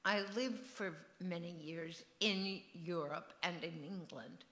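A woman's voice: lowish voice, slow pace, a bit bright, roomy sound. A woman author in an onstage festival conversation, musing and digressive, with a rhythmic way of speaking. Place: event hall.

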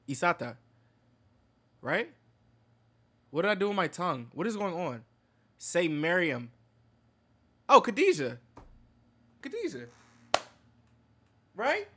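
A man's voice: on the high side, bright, forceful tone. A man streamer casually reacting to video clips, laughing often, swearing freely and fumbling names.

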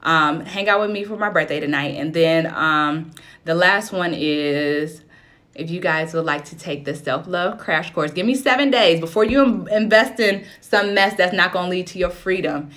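A woman's voice: fairly low pitch, normal speed, fairly bright tone. A woman in her thirties hosting a live stream as a self-love coach, preaching, encouraging and greeting viewers by name. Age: 30s.

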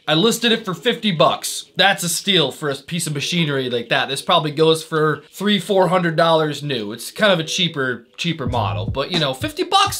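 A man telling a comedic story in a deadpan, playful way, now and then jumping into exaggerated quoted voices. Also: sits high. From Northeastern US. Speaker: comedic prank video host.

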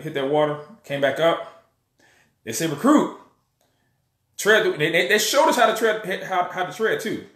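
A man tells a long personal story in a loose, animated way, restarting sentences and acting out the voices of other people. His voice sits a little high for a man and carries a noticeable echo from the room. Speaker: online preacher and channel host. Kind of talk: casual storytelling monologue.

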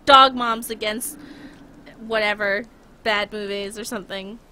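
A woman's voice: mid-range voice, steady tone, unhurried, sharp tone, slight background noise. A young woman streaming a game, chatting casually and rambling with giggles, talking to her chat and her dog.

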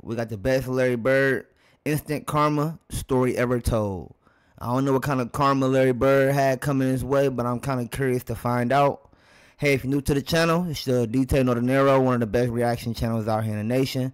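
A man's voice: medium pitch, fairly even intonation, a little fast, clear, resonant tone. A man hosting a sports reaction video, chatting casually and rambling as he talks straight to his viewers. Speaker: reaction channel host.

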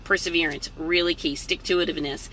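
A woman's voice: fairly low pitch, fairly even intonation, fairly quick, a bit bright, a little hiss or hum. A middle-aged woman hosting a casual live-stream from her parked truck, chatty and motivational. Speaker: vlog host. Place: parked truck at a rest area.

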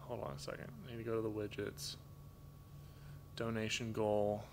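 A man hosting a live stream from home, reading out donations in a rambling, halting way, full of fillers and restarts, grateful and thinking aloud. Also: fairly low pitch, monotone, noisy background. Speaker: livestream host reading donations. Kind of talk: casual live-stream chat. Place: home with pet toucans.

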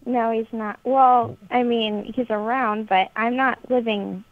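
Young woman caller, eighteen, girlish voice, fairly high, tinny phone line. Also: unhurried, dry recording. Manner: girlish, flat matter-of-fact answers. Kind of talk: phone call to a radio show.

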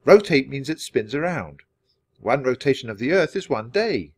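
A man's voice: mid-range voice, sing-song, moderate pace, husky, pitched above the performer's own voice. A man voicing a bold, curious young girl who talks eagerly and insists on her point.

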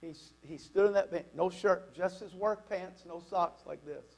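A man preaching a sermon as a pastor, telling a personal story in an animated, conversational way. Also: high voice, normal speed, gravelly, low-quality recording.

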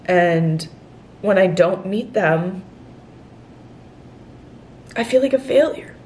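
A woman's voice: fairly low pitch, lively intonation, slow pace, mellow, a little hiss or hum. Emotional young woman, candid vlog. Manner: emotional, candid, tearful at times. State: close to tears. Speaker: vlogger. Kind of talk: confessional vlog. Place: outdoors in nature, then indoors. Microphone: camera set down nearby.

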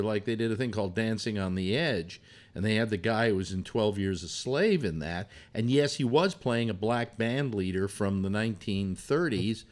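A man hosting a casual call-in show, rambling and halting with many restarts. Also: on the low side. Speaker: host.

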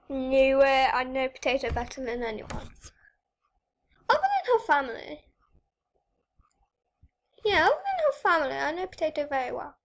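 A teenage girl with a high, light voice talks straight to her viewers. She chats in an excitable, rambling way while she plays an online game. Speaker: YouTuber. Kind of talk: casual gaming vlog commentary.

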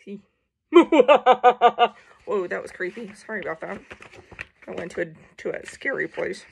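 A woman's voice: fairly low pitch, fairly quick, creaky, fairly bright tone, husky. A woman casually reading a children's picture book aloud, playful, with jokey asides and animal noises.

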